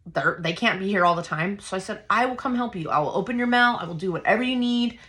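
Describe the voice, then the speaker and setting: A woman vlogger casually telling a family story to her viewers, blunt and profane, with a loud, heated edge as she gets worked up. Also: medium pitch, animated, fast. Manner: addresses viewers directly, filler-heavy run-on storytelling.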